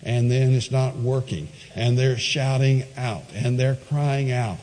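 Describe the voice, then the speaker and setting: A man preaching to a congregation at a medium pitch, his voice trailing into a long hall reverb. He tells the story with energy, dropping low and soft for solemn points and leaping up when he acts out the characters. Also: measured pace. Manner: animated preaching, jumps high for quoted voices. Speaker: pastor. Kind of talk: sermon.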